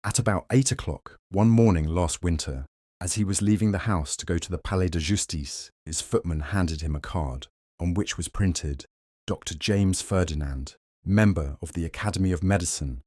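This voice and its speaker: Male narrator, very low voice, dry close sound, measured reading of a classic tale. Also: a little mellow, no echo. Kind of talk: reading a classic short story aloud.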